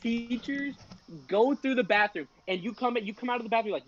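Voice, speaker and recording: A man's voice: high voice, expressive, fast. A teenage boy telling a story in casual podcast chat, swearing often and ranting heatedly. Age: teens. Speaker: podcast co-host. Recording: dull lo-fi sound.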